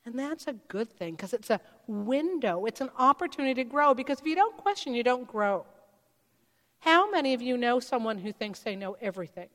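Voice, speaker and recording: A woman pastor with a high voice preaches in a church. She talks to the congregation in a conversational way, often asking them questions. The sound carries a long hall reverb. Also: expressive, brisk, fairly bright tone. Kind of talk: sermon.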